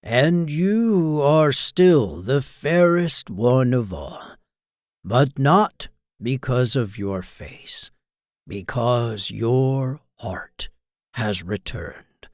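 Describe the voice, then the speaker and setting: A gentle, graying fairy-tale king speaks softly and warmly, voiced by the narrator. He is slow and tender, recorded close and dry. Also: mid-range voice, expressive, dry recording. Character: kind aging king, tender and steady.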